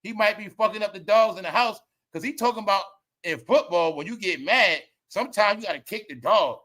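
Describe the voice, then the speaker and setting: High bright-voiced man laughing through commentary. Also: fairly quick. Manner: laughs often, slangy, profane, animated storytelling. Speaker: commentary livestream host. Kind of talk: casual commentary.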